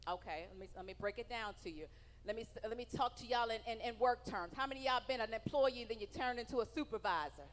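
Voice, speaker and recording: Performing stand-up in a large hall, a woman with a slightly high voice talks fast, brash and swearing as she ribs audience members. The venue's long reverb is audible throughout.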